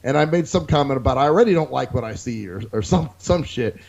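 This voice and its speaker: A man's voice: medium pitch, lively intonation, fast talker, vocal fry, a little mellow. A man co-hosting a casual podcast, telling a profane story and acting out other people's lines. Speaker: podcast co-host. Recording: dull lo-fi recording.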